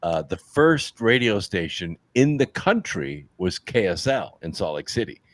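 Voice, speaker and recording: A man with a very low, deep voice speaking as a panel guest. His manner is relaxed and anecdotal. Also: unhurried, no room sound. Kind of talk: casual chat.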